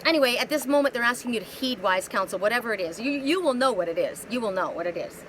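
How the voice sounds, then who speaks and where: A woman's voice: on the high side, animated, quick pace, a little hiss or hum, poor audio. A woman giving a live spiritual oracle card reading on a phone, rambling, repeating words and asking many rhetorical questions.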